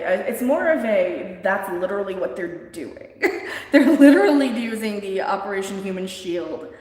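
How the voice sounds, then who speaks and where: A woman hosting a casual livestream, rambling and blunt as she chats and answers viewers, laughing often. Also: medium pitch. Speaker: livestream host. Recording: very echoey room with long reverb.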